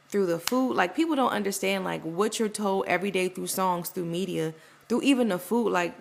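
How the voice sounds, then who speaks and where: Young female podcast host, low and gravelly, loose rambling delivery that slips into quoted voices. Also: fairly bright tone. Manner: rambling, full of "like" and "you know", acts out quoted voices. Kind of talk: casual personal monologue.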